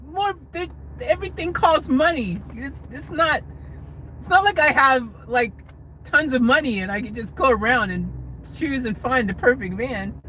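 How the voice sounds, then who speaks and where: A man's voice: extremely high pitch, expressive, moderate pace, sharp tone, slight background noise, low-quality recording. A man from the United States chatting on a livestream Q&A, reading out comments and answering in a rambling, hedging way with lots of restarts. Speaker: vlogger answering live chat. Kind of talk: livestream Q&A chat. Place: inside a car.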